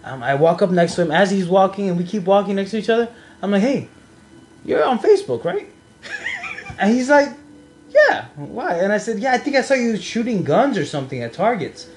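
A man's voice: high voice, quick pace, slight background noise. A young man, a podcast co-host, telling a story in casual chat and acting out the quotes. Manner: animated storyteller, acts out quotes.

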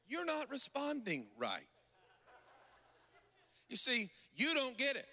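High, bright-voiced male pastor preaching. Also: wildly swooping pitch, slow pace, long reverb tail. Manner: preachy, sing-song cadence with frequent call-outs to the congregation. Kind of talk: sermon.

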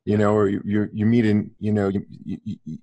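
A man's voice: on the low side, monotone, fairly quick, warm tone, muffled recording. A man in his sixties in casual conversation, rambling with many restarts and fillers.

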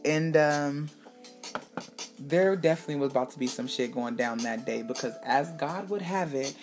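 A woman hosting her own show, telling a personal story in a candid, animated way, swearing freely and acting out what people said. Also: low voice, normal speed, music in the background. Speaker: podcast host. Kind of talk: casual storytelling monologue.

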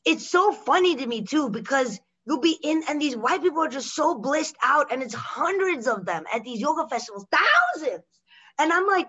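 A young woman from the United States, a comedian and actress, chatting casually on a podcast, animated and swearing, acting out quotes and laughing often. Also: sits high, normal speed, muffled recording.

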